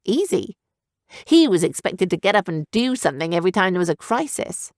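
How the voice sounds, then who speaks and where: A woman narrating a young adult fantasy audiobook in a steady, even storytelling manner. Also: on the low side, a little fast, dry recording, studio quality. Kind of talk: scripted narration.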